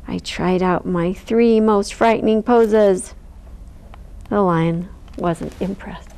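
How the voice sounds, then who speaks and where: A woman's voice: mid-range voice, takes it slowly, mellow, slight background noise. A woman reading a children's picture book aloud at storytime, in a playful way with frequent small laughs. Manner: playful, laughs between lines. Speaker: storytime reader.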